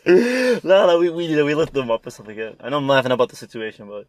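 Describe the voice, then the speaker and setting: A man's voice: mid-range voice, big pitch swings, fast. A young man in casual chat, telling a story with lots of swearing, acting out quotes and laughing often.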